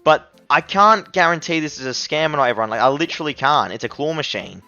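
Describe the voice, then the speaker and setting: A young man giving casual commentary to his viewers while reviewing a phone app, excitable and blurting out loud reactions, calling his audience everyone and bro. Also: on the high side, quick pace, muffled recording, faint music behind. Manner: excitable, yelps at near misses, addresses viewers as everyone and bro.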